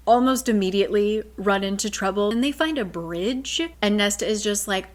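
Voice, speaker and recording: Woman, casual book recap, chatty, animated, mid-pitched voice, sprinkles in character impressions. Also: moderate pace, hardly any pauses. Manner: chatty, fills speech with "like"; animated, briefly mimics characters. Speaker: book summary vlogger. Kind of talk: casual plot retelling.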